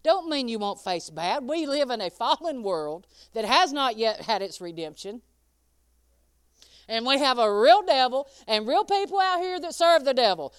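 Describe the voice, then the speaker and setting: Lady preacher, high voice, smooth and clear, laughs a lot, teases folks by name. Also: very animated, moderate pace, no room sound. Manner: folksy, calls out listeners by name, laughs often. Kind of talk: sermon.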